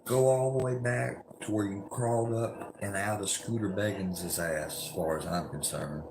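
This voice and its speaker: A man's voice: low voice, steady tone, moderate pace, echoey room, noisy background. A man, ranting angrily and with lots of profanity during a livestream. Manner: angry, profane, rambling rant.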